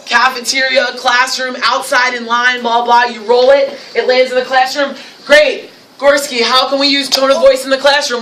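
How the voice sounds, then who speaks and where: A woman with a North Jersey accent leading a teacher training workshop, lively and acting out classroom scenes. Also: fairly high pitch, slight background noise. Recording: echoey room, mic from far off.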